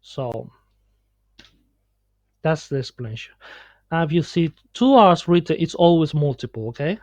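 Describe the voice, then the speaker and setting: A man teaching pronunciation on a screen recording, explaining slowly with many pauses and fillers. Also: fairly high pitch, lively intonation, darkish tone, no echo. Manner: slow, halting explanation with many fillers and restarts. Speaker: Spanish teacher. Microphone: computer mic on a screen recording. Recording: dull lo-fi screencast audio.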